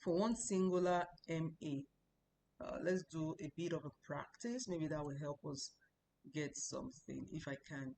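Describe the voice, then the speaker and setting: Lady teaching chinese tones, kinda low voice, faint hiss behind. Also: normal speed, gravelly, dark tone. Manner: explanatory, repeats words for practice, chatty asides. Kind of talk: online language lesson.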